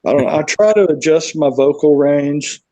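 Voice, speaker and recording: Speaking with a Southern US accent, this South Carolina man is a guest in a casual remote-call conversation, rambling through his story and performing quoted voices. His voice is fairly high and warm at a moderate pace. There's no echo, but the audio is poor.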